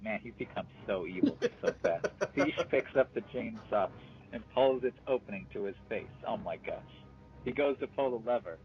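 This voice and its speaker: A man narrating a playful story over gameplay, animated and amused, with chatty asides. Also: lowish voice, moderate pace. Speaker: gaming storyteller. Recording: dull, muffled recording with faint music.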